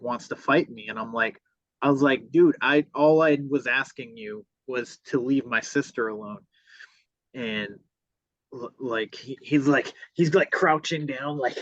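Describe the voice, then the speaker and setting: A man's voice: on the high side, fairly bright tone, no echo. A man hosting a podcast, telling a personal story in a casual, profane way and acting out what people said. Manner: profane, re-enacts dialogue. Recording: dull lo-fi sound.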